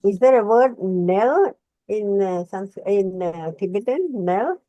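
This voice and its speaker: A woman's voice: medium pitch, lively intonation, takes it slowly, dark tone, dry recording, rough recording. A woman asking curious follow-up questions as a student in an online language lesson.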